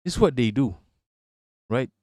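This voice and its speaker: A man's voice: medium pitch, moderate pace, no room sound, clean studio sound. A man from Southeast Asia giving a heated, profane, mocking political rant on a live stream. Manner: profane, mocking, animated ranting with laughs.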